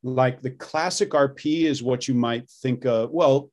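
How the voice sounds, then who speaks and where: A man's voice: medium pitch, a little slow, a little mellow. Guy explaining how he coaches accents, chatty, lots of ums and restarts. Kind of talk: casual interview.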